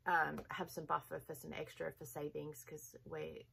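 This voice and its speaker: Bright-voiced woman chatting to camera. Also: deep voice, little pitch movement, moderate pace, gravelly, slight background noise, poor audio. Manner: chatty, rambling, with frequent laughs. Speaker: vlogger. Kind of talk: casual chat to camera.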